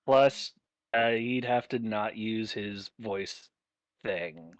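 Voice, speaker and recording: A man's voice: on the low side, extremely slow, dry recording, dull audio. A man chatting casually on a voice call, dry and matter-of-fact. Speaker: friend on voice call. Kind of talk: casual chat.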